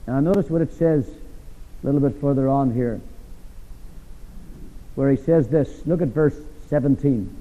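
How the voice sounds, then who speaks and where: A man preaching a sermon, throwing rhetorical questions at his listeners and swinging from loud emphasis to hushed asides. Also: medium pitch, measured pace, pauses often. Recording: echoey hall over a tinny, phone-like line.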